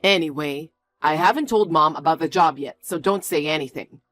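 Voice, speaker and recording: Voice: medium pitch, moderate pace, fairly bright tone, soft background music, natural voice. A voice actor playing a stubborn, defensive young man in scripted story dialogue, blunt and bossy.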